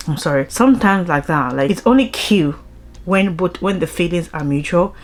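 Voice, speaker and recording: A woman's voice: fairly low pitch, normal speed. Gushing young woman book vlogger. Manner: gushing, excitable, rambling with restarts. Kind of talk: casual reading vlog chat. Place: home, indoors.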